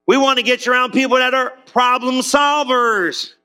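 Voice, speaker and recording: A high, bright-voiced man preaching. He talks fast and loose like a conversation, calling out to his congregation for amens. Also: clear, resonant tone. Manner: lively and conversational, calls for amens. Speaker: pastor. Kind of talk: sermon.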